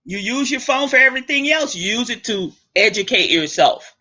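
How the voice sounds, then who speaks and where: A woman hosting her own show, ranting bluntly and swearing freely, with sharp swings up and down in pitch. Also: lively intonation, normal speed. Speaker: host. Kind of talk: profane ranting monologue. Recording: dull lo-fi recording.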